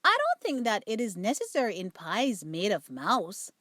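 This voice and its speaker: A woman's voice: medium pitch, huge pitch swings, moderate pace, a bit bright, no room sound, clean studio sound. A woman reading a storybook aloud and voicing a genteel female cat hostess, sweetly polite and prim.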